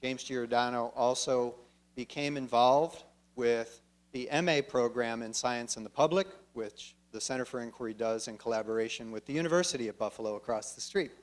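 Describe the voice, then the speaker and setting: A man's voice: mid-range voice, moderate pace. A man hosting an event who introduces a lecture speaker, reading off credentials with the odd filler. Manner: reads off credentials with small fillers. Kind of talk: formal introduction.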